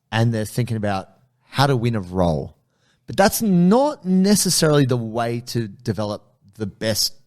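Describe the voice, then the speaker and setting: An animated man telling gym stories on a podcast, swearing easily and acting out what others said. His voice sits at an ordinary middle pitch. He talks like a jiu-jitsu coach chatting with a friend. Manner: animated storyteller, swears casually, acts out quotes. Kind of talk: casual chat.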